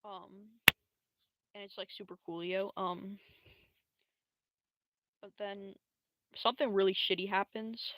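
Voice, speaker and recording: A woman's voice: medium pitch, fairly even intonation, slow, long pauses, fairly bright tone. A young woman streamer telling a story in a casual, rambling way, full of slang and fillers.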